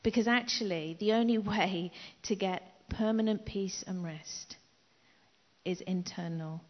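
A middle-aged woman preaching a sermon in an emphatic way, repeating key phrases and dropping into soft asides. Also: medium pitch, a little slow. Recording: dull echoey hall recording.

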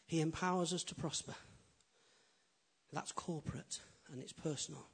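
A man preaching a sermon as a pastor, animated and humorous, swinging from loud emphatic lines to quiet intimate ones. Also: on the high side, moderate pace, gravelly, breathy edge. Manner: humorous storytelling.

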